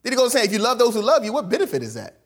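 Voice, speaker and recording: A pastor with a very high-pitched, husky voice races through an animated sermon. He reads scripture aloud and acts out the quotes in different voices, using casual, colloquial phrasing.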